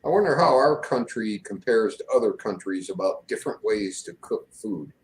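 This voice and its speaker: A man's voice: on the low side, animated, moderate pace, poor audio. A man in casual chat who chimes in with dry, offhand remarks.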